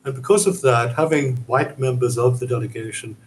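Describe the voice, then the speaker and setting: A male academic guest analysing events in a news interview, speaking in a measured, emphatic, explanatory way. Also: medium pitch, slight background noise, low-quality recording.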